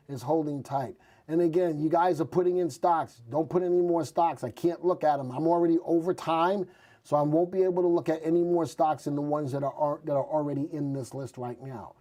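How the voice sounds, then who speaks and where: Male market host, slightly high and mellow voice, casual live chart commentary. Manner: chatty, reads out viewer stock picks.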